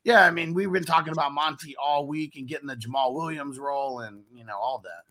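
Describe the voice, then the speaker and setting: A man's voice: fairly high pitch, fairly quick, bright, forceful tone. A man hosting a fantasy football show, reading viewer comments aloud and laughing often. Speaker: podcast host.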